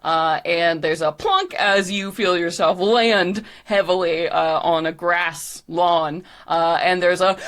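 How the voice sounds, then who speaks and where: Woman, game master, animated narration, chatty, quick asides. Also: fairly low pitch.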